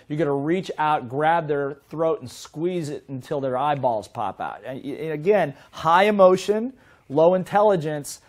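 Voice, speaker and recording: A middle-aged man teaching a sales seminar in a lively way, often asking his listeners questions. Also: a little high. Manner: lively, asks the audience questions. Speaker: sales trainer.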